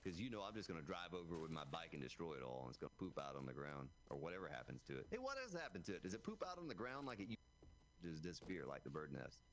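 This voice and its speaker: A man's voice: rumbling low, animated, quick pace, a little hiss or hum. A man streaming a game live, chatting to his viewers as he plays and talking into a broadcast microphone. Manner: chatty, talks straight to viewers as folks. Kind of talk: live gameplay commentary. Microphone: broadcast dynamic microphone.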